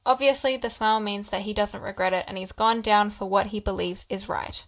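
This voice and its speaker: A woman's voice: medium pitch, fairly even intonation, a bit bright. Playful woman co-hosting a book chat. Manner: playful, quick comic asides. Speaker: podcast co-host. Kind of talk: casual book recap chat.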